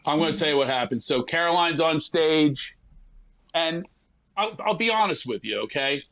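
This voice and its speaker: A man, a guest comedian, telling an animated, profane comic story and acting out the people in it. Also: fairly high pitch, normal speed. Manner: acts out others in quoted voices, profane.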